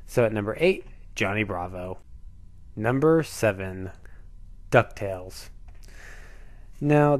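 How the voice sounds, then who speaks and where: A young man in his twenties hosts a casual countdown review. His voice sits slightly low, and he talks with easy enthusiasm. He often repeats himself to drive a point home. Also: darkish tone. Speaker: video host.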